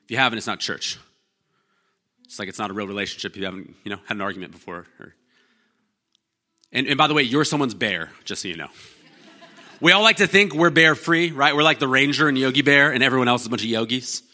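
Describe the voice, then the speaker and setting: A man preaching from the pulpit in a loose, conversational way. His voice is bright and forward, and he slips into little acted-out voices for the people he describes. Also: mid-range voice. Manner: conversational, animated, acts out quoted voices. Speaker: pastor. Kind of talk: sermon.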